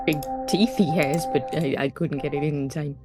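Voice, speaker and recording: A woman player in a tabletop game trades wisecracks in a fairly low voice. Her delivery is playful, and soft music runs quietly underneath. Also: steady tone, normal speed.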